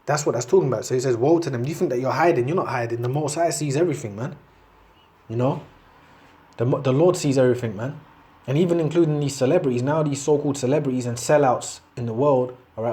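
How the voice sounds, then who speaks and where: A man delivers an informal sermon in a mellow, warm voice, mid-pitched and unhurried. He keeps it conversational, drops in scripture readings, and tacks "man" onto the end of his points. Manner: loose and conversational, tags lines with "man". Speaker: preacher. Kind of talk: casual street-style preaching with scripture reading.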